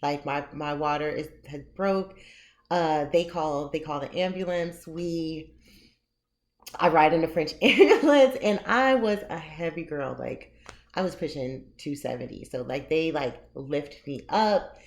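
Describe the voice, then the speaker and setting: A woman with a lowish voice tells a personal story straight to camera. Her manner is casual and lively, and laughter slips in often as she goes. She sounds like a vlogger sharing her own memories. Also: measured pace. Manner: animated, laughs often while telling the story. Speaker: vlogger and memoir author.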